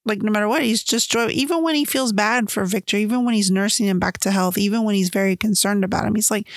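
A woman comparing a book and its film adaptation in casual, chatty commentary, laughing often and talking in an animated way. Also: medium pitch, fast, few pauses, no room sound, clean studio sound. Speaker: book reviewer.

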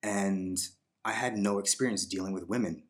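Appearing as a guest on a podcast, a man recounts something from his own life in a thoughtful, leisurely manner, with filler words and acted-out quotes. His voice sits on the low side.

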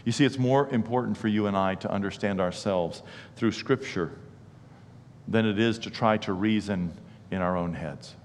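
A man preaching a sermon, swinging from quiet, intimate talk to loud, impassioned repetition. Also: lowish voice, moderate pace, slight background noise. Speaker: pastor. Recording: long hall reverb.

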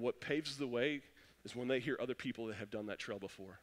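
A man's voice: medium pitch, normal speed. A man preaching a sermon as pastor, passionate and acting out the voices he quotes. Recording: long echo of a church hall.

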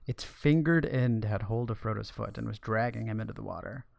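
A man's voice: fairly low pitch, brisk, vocal fry, darkish tone, no echo, studio quality. A man co-hosting a podcast, recapping and reading passages from a book in a casual discussion. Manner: paraphrases and reads passages from the book. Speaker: podcast co-host.

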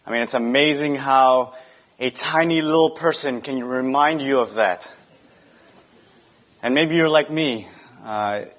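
Man, pastor, conversational sermon, rhetorical questions, mid-pitched voice. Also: a bit bright.

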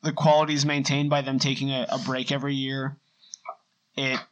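A young man co-hosting a podcast, explaining at length in relaxed casual chat. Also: medium pitch, a little fast, rough recording. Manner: relaxed, chatty, talks in long run-on explanations. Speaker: podcast co-host.

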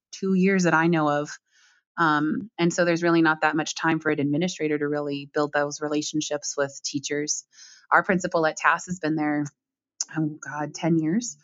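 Earnest low-voiced woman teacher. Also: a bit bright, dry recording. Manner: earnest, heartfelt, with frequent 'um' pauses. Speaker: striking schoolteacher. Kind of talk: conversational interview answers. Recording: slightly dull lo-fi sound.

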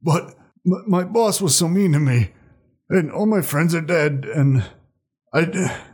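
A man's voice: fairly high pitch, takes it slowly, darkish tone, husky, voice pushed up. A man voicing a self-pitying bandit henchman in a tabletop game, whiny and pleading.

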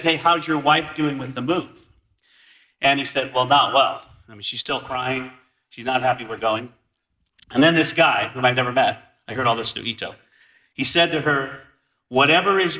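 Pastor guy preaching, bright forceful voice, echoey church hall, heard from back a bit. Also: mid-range voice, far from the mic. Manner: earnest, measured, slows on key words. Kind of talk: sermon.

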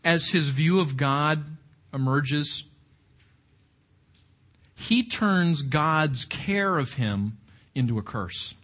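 A man teaching through a Bible book, animated and often asking his listeners questions. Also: on the high side. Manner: animated, asks the audience questions.

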